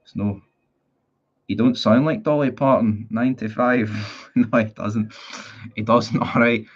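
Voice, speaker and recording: At a measured pace and medium pitch, a young Northern Irish football fan in his 20s goes through viewer comments on his live stream. His chat is casual, blunt and meandering, with offhand swearing, and the audio sounds dull and lo-fi.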